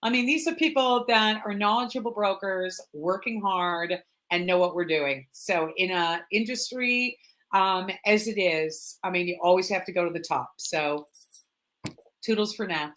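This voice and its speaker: A woman realtor hosting a casual live stream interview over a video call, chatty and quick to laugh as she fires off questions. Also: mid-range voice, fairly bright tone, slight background noise. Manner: chatty, laughs easily, rapid-fire questions.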